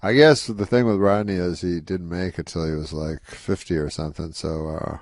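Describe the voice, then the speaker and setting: Deep, gravelly, deadpan man. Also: moderate pace, no echo, studio quality. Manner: rambling, deadpan, full of "you know" and "uh". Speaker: comedian guest. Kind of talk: anecdote on a talk show.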